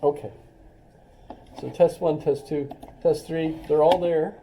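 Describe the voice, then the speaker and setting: A man's voice: fairly high pitch, fairly even intonation, slow pace, warm tone, a little hiss or hum. A middle-aged man, a college philosophy instructor, giving a casual classroom lecture, chatty and rambling with joking asides. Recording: roomy classroom from a distance.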